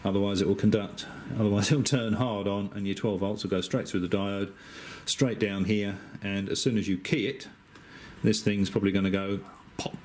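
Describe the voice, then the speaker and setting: A middle-aged man with an Australian accent, an amateur radio operator, talking through a wiring diagram in a relaxed, chatty way, with frequent hesitations and dry asides. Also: lowish voice, slight background noise. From Western Australia. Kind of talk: casual technical explanation.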